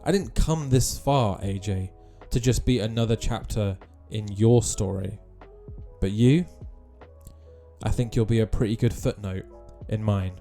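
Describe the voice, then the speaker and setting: A man's voice: on the low side, a little slow, mellow, soft background music. A man voicing a proud male wrestling champion who speaks in a defiant, intense way.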